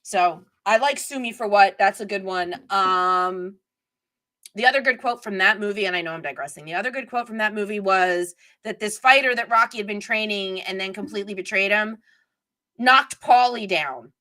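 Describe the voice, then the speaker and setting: A woman's voice: medium pitch, a little fast, sharp tone. A middle-aged woman hosting a live stream, chatting casually and digressively while reading viewer comments.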